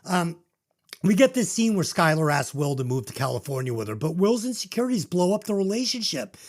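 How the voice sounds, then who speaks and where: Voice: medium pitch, big pitch swings, brisk. This is a podcast co-host talking through a film in loose, casual chat. The voice moves up and down a lot and sounds moved and choked up, with plenty of casual swearing. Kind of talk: casual movie review chat.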